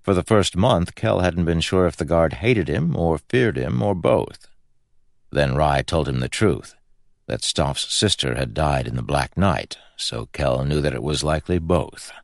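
A man narrating a fantasy novel in a measured, even storytelling manner. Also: extremely low pitch, creaky, dry recording, clean studio sound. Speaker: audiobook narrator. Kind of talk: scripted narration.

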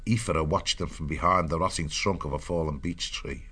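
A man narrating an animal adventure audiobook in a measured storytelling way. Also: a bass voice, fairly even intonation, bright, forceful tone, husky.

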